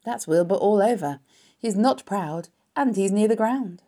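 A woman reading a storybook aloud, voicing a wise and gentle female spider who speaks in a calm, measured way. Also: medium pitch, pitched above the performer's own voice. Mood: explaining.

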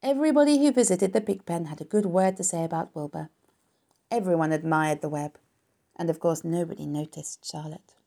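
A woman reading a children's story aloud in a calm, even way. Her voice is low and mellow with a gravelly texture. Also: a little fast. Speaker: audiobook narrator. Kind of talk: storybook narration.

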